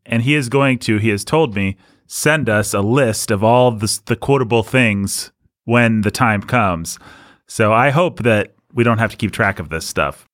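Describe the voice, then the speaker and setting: A man's voice: medium pitch, fairly bright tone, no echo, studio quality. A young man hosting a podcast in a playful, joking casual chat. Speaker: podcast host.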